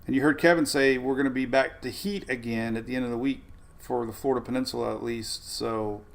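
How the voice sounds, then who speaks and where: This weather stream host keeps things casual, working through viewer comments and wandering off topic with frequent laughs. His mid-range voice is gravelly and steady in tone, moving a little fast.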